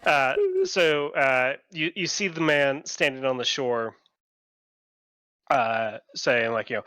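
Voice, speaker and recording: A man's voice: mid-range voice, slow, smooth, no echo. A man narrating as dungeon master in a casual online tabletop game, loose and full of fillers. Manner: relaxed, filler-heavy narration with laughs.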